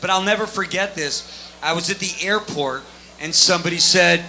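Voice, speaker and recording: Male panelist, fairly high bright voice, animated storyteller. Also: fairly quick. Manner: animated, storytelling with acted quotes. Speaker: panelist, former music TV host. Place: live expo panel stage.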